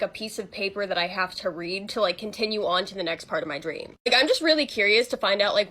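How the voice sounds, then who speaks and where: A woman talks fast in a bright, sharp voice, rambling to her camera. Her speech is packed with "like", and she throws in casual swears and questions to her viewers. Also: medium pitch. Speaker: TikTok creator.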